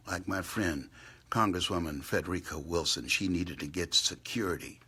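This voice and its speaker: Fiery motivational speaker, male, low husky gravelly voice, big pitch swings, hotel-room live stream. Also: animated, unhurried. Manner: fiery, swings from hushed whispers to loud outbursts. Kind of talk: impassioned live talk.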